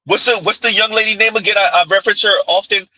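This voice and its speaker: Guy doing live stream commentary, slightly husky, super bright edgy tone, mocking, keeps asking huh?. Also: sits high, fairly even intonation, fast talker, no room sound, poor audio. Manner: rhetorical, needling questions with "huh?" asides; blunt, mocking. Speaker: commentary channel host.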